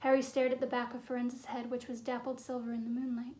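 High-voiced woman reading a fantasy story. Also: monotone, a little mellow. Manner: measured, suspenseful storytelling. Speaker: audiobook narrator.

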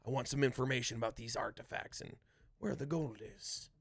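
A man voicing a stern male bandit leader who gives quiet orders in a hushed, commanding tone. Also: medium pitch, fairly quick, gravelly, no room sound, studio quality.

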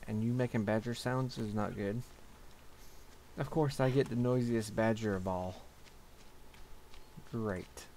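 A man's voice: mid-range voice, vocal fry, darkish tone, slight background noise. A young man giving casual gameplay commentary, grumbling and swearing to himself as he plays. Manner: grumbling, profane, talking to himself. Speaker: gaming channel host.

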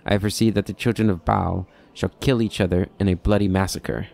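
A man's voice: deep voice, fairly even intonation, fairly quick, vocal fry, a little mellow. A man hosting a let's play, reading game text aloud with casual commentary and dry offhand asides.

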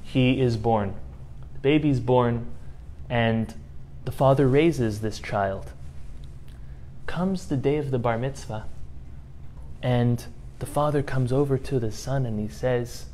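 A man, a rabbi, giving a sermon through a story, moving from quiet retelling to impassioned outbursts. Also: mid-range voice, slow, long pauses, slight background noise. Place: synagogue.

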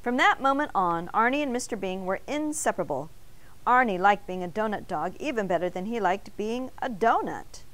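A woman teacher reading a picture book aloud in an expressive storytelling manner. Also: medium pitch, normal speed.

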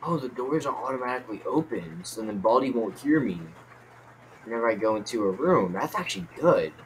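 Excitable young man doing game commentary. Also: mid-range voice, fairly quick, slight background noise. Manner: excitable, yelps and rambles. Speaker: gaming YouTuber.

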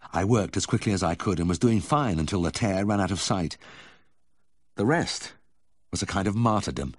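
Husky low-voiced male audiobook narrator. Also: a little mellow, dry recording, clean studio sound. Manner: measured, vivid storytelling. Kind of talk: first-person memoir reading.

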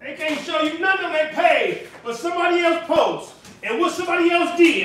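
A very high, bright-voiced man from California talks on a casual livestream, preaching and hammering the same points over and over. He is recorded on a phone held some way off in a home kitchen, so the sound is very echoey and distant. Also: expressive, brisk, slight background noise. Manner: preachy, repetitive, emphatic. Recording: very echoey room, voice far off.

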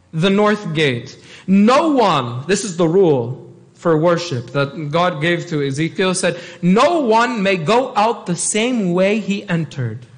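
A man, a priest giving a sermon and pressing his points by repeating them. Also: high-pitched. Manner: emphatic, repeats key phrases.

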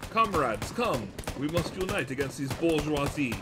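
A man's voice: on the high side, expressive, moderate pace, noisy background, close to an everyday voice. A man putting on a grandiose Soviet comrade in a mock Russian accent. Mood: rallying. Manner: grandiose, rallying, theatrical. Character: pompous Soviet comrade rallying for the motherland, adult man.

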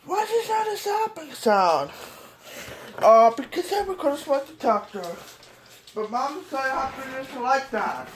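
A woman's voice: sits high, very animated, normal speed, noisy background. A woman making a playful home recording and switching between put-on voices.

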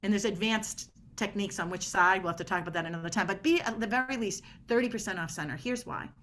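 A woman appears as a guest on a podcast, explaining body language with energy and emphasis and often acting out short quoted exchanges to make her points. She talks fast in a mid-range voice.

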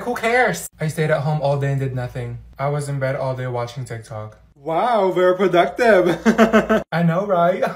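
Man with a raised voice in comedy skits. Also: sits high. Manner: switches between characters, sassy shouted outbursts. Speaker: comedy sketch creator. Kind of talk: comedy skits playing several schoolgirl characters.

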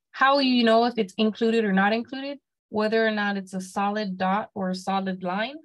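A woman's voice: medium pitch, rough recording. A woman teaching a math class in a plain, mid-range voice. She explains step by step and checks in with "okay?" after each point. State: has the hiccups. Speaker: math instructor. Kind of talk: classroom lecture.

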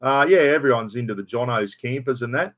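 Talking a little fast in a medium-pitched, fairly bright voice, an Australian livestream host rambles in a friendly, matey manner. He welcomes viewers by name and swears without softening it.

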